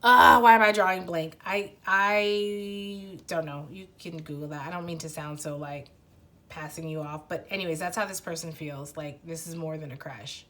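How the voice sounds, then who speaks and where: A woman's voice: low-pitched, steady tone, moderate pace, a bit bright. A young adult woman giving a casual pick-a-card tarot reading, talking to the viewer in a rambling way full of restarts and fillers. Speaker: tarot reader.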